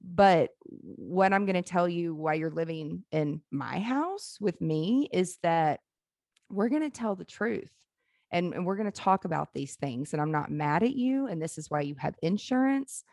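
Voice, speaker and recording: A woman's voice: on the low side, lively intonation, moderate pace, a little mellow, no echo, studio quality. A woman in her forties telling candid family stories in casual chat, laughing and swearing now and then.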